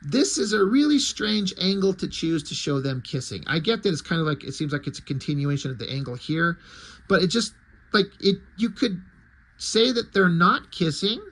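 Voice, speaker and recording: A man's voice: high-pitched, lively intonation, normal speed, a bit bright. A man reviewing comics in a casual, wry way, with fillers and mild swearing. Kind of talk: casual chat.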